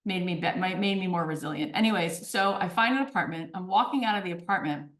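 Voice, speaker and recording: A woman in her forties, a podcast guest telling stories in an animated conversational way, often checking in with "right?" and "okay?". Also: fairly low pitch, fast, distant mic. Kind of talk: storytelling in conversation. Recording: roomy echo.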